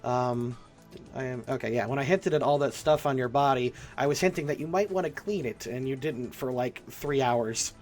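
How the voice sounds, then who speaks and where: A man narrating as game master in a tabletop role-playing game, often stammering and restarting, with quick laughs. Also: mid-range voice, darkish tone, soft background music.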